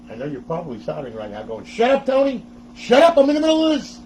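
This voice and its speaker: A man's voice: on the high side, mellow, a little hiss or hum, low-quality recording. A middle-aged man hosting a casual step-by-step tech tutorial, chatty and often laughing as he talks to viewers.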